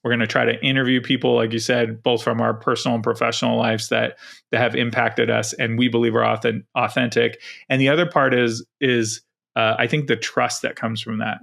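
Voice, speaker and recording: A middle-aged man in easy podcast conversation, his voice gravelly with fry. He speaks in a flat, even tone and circles back over his words as he thinks aloud. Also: medium pitch, a little fast. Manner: rambling, many restarts. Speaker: podcast co-host. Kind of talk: casual podcast chat.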